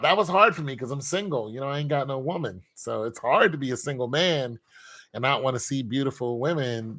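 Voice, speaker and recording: A man's voice: medium pitch, a bit bright. A man speaking in a casual monologue, rambling and candid, joking about himself and laughing often.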